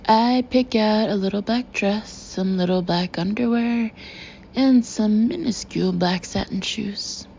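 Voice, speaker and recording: A woman narrating a first-person novel in a wry, chatty inner voice. Her tone is mellow and on the dark side. The recording is slightly muffled, with a faint hiss behind it. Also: medium pitch, a little slow, gravelly. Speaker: audiobook narrator.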